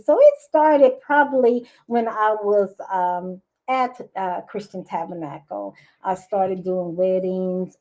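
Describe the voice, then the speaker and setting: A middle-aged woman, a podcast guest, telling lively personal stories in casual interview chat. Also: mid-range voice. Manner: lively storytelling, expressive. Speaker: guest, business owner.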